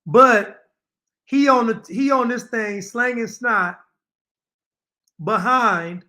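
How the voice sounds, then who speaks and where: A man's voice: high-pitched, pushed and bright. A man giving opinionated reaction commentary to viewers, repeating his points and addressing them directly. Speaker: commentary streamer.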